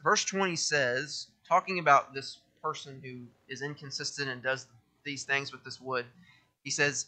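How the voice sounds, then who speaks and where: Man, young, preacher, lively scripture reading, bright tone. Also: medium pitch, a little slow. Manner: lively, conversational, with emphatic reading.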